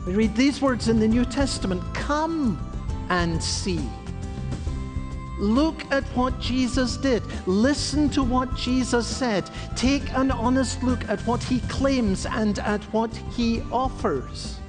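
A man's voice: extremely high pitch, measured pace, hardly any pauses, big-room sound, music in the background. A male pastor preaching in an earnest, inviting way. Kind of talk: sermon.

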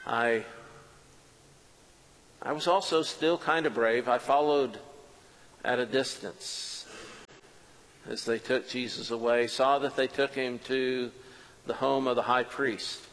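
Guy preaching a story in first person like he lived it, earnest with some self-mocking bits, middle pitch, big echoey church hall. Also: steady tone, slow, long pauses, a bit bright. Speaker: preacher performing a biblical character. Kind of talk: first-person dramatic monologue.

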